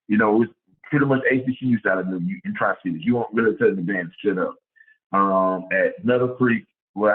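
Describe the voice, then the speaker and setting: A man who coaches high school football, giving a lively, conversational clinic talk and repeating words as he goes. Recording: tinny phone-like sound.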